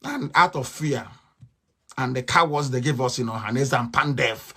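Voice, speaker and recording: A man giving a fiery political address, impassioned and swinging from shouts to low mutters. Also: moderate pace, slightly rough. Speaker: activist speaker.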